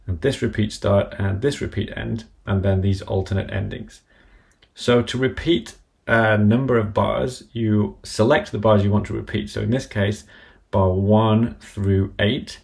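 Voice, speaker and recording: A man giving a methodical, step-by-step screen-recorded software tutorial. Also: fairly low pitch, gravelly. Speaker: app tutorial presenter.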